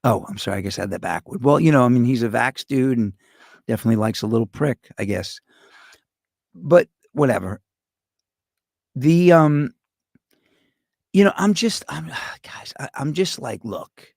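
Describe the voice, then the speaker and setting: A man's voice: medium pitch, expressive, moderate pace, creaky, pauses often, darkish tone, dry recording, clean studio sound. A middle-aged man, hosting a show with a rambling, profane, sarcastic comedic rant. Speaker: podcast host.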